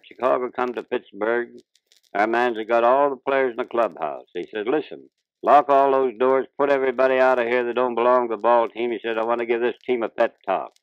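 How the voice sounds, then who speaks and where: Older man, plainspoken folksy storyteller, rough old grammar, muffled dry vintage radio sound. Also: mid-range voice, no room sound. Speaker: interviewee, retired ballplayer. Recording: dull dry 1940s radio transcription.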